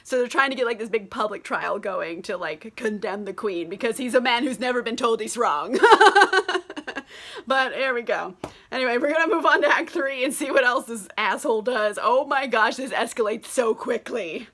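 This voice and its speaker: A woman's voice: a little high, moderate pace, fairly bright tone. A tipsy young woman vlogging a casual, profane book summary, giggly and gushing, saying "like" all the time. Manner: giggly, crude, gushing, heavy on "like".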